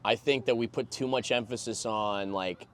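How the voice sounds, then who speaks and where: A man's voice: mid-range voice, steady tone, normal speed. A man hosting a podcast in casual chat, laid-back and agreeable. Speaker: podcast host.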